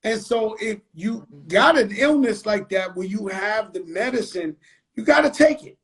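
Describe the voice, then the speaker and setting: A man's voice: high voice, expressive, normal speed, a bit bright. A man hosting a talk show, chatting casually, with blunt, profane remarks and preachy asides. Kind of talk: casual chat.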